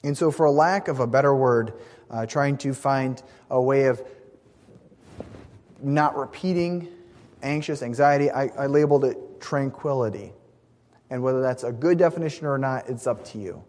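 The sermon comes from a pastor whose voice is medium-pitched and a touch mellow, moving at normal speed. He preaches with earnest emphasis, stressing key words and restarting phrases at times. A long hall reverb fills the recording.

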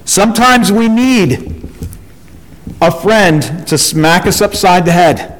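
A man preaching a sermon and reading scripture aloud, animated and acting out the voices of people in the story. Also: high voice, slow. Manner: animated, acts out quoted voices. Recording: long hall reverb.

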